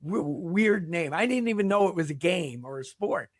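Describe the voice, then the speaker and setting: A man's voice: high-pitched, normal speed, no echo, studio quality. Older man telling rambling stories. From New York. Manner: rambling, animated storyteller who acts out quotes. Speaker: podcast guest, pickleball league founder. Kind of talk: casual interview storytelling.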